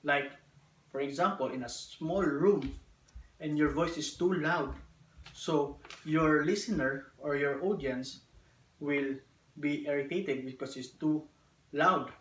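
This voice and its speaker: Man presenting to a class, higher voice, unhurried phrase-by-phrase delivery, echoey room from afar. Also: a bit bright. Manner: measured, deliberate, phrase by phrase. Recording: echoey room, distant mic.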